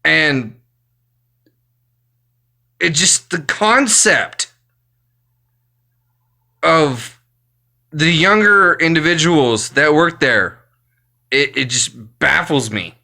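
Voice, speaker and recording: A man's voice: a little high, expressive, very slow, vocal fry, pauses often, pushed and bright. A man ranting angrily to camera, swearing nonstop, exasperated and blunt. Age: adult, works full time. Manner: angry, swearing constantly, exasperated. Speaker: vlogger. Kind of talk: profane ranting monologue.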